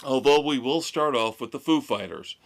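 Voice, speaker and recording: A man hosting a rock podcast, running through tour news in a chatty, opinionated way. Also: mid-range voice. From United States. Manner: chatty, opinionated, drawn-out delivery. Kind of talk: casual music news rundown.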